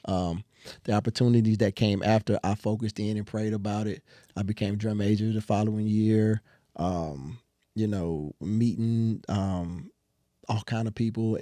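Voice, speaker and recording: A young man as an interview guest, telling his story earnestly with many pauses and restarts. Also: fairly low pitch, dark tone, dry recording, studio quality. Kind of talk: casual interview talk.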